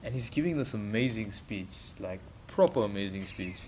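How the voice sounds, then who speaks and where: A man's voice: on the low side, normal speed, slight background noise. A man in his thirties with a South African accent, telling stories casually as a podcast guest, acting out quoted voices. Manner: animated, acts out quoted voices with laughter. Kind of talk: casual storytelling.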